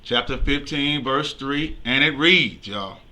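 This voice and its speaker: A male radio co-host who reads scripture and news aloud in a slow, emphatic way. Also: medium pitch, bright, forceful tone, poor audio.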